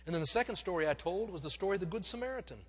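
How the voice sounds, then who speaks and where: A middle-aged male pastor telling a personal story from the pulpit, animated and wry about his own blunders, his voice pitched fairly high. The sound carries a long reverb from the church sanctuary. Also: rapid-fire, husky, faint music behind. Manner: animated, self-deprecating storytelling that acts out the scenes. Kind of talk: storytelling sermon.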